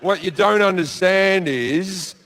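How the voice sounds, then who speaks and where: A man's voice: high voice, slow pace, fairly bright tone, big-room sound, a little hiss or hum. A man in his forties with an Australian accent doing a crude, sweary stand-up set on a theater stage. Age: 40s. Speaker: stand-up comedian.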